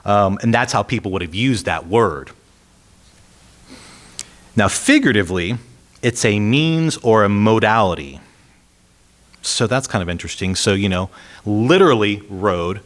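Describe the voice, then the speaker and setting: A man's voice: lowish voice, animated, normal speed. A man preaching a sermon in a conversational way, reading scripture aloud with emphasis and putting rhetorical questions to the congregation. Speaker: pastor.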